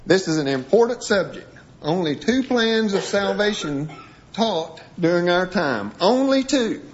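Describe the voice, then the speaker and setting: A man teaching a sermon-style Bible lesson, reading passages aloud and then breaking them down piece by piece with frequent restarts. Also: high-pitched. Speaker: preacher. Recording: dull lo-fi recording.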